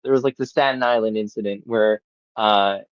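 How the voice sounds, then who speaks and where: A man's voice: fairly low pitch, fairly even intonation, moderate pace, no echo. Man, podcast host, rambling casual talk, lots of fillers, swears, dull dry recording. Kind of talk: casual movie review chat.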